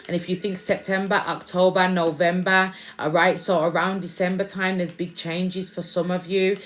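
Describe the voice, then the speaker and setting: A woman's voice: lowish voice, slight background noise. A woman giving a casual spiritual tarot reading to camera, chatty, checking in with "okay?" and calling viewers "babes". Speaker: tarot reader.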